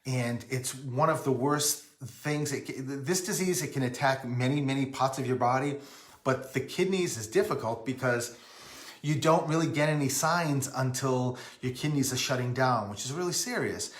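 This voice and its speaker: A man's voice: medium pitch, moderate pace, roomy sound. A man from Rhode Island hosting a casual live stream, rambling and breaking off to greet viewers by name.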